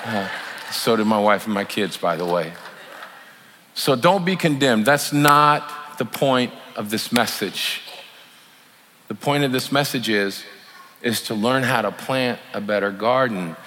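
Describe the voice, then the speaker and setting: A man's voice: mid-range voice, unhurried, sharp tone. A man preaching a sermon in a folksy, conversational way, acting out heartfelt apologies as examples. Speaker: pastor. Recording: long hall reverb, faint room noise.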